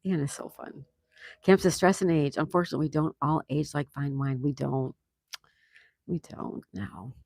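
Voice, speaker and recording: A man's voice: fairly high pitch, normal speed, gravelly, a little mellow, no echo. A man hosting a casual livestream, reading viewer comments aloud and reacting with easy laughs. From United States. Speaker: livestream host reading chat. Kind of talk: casual live chat.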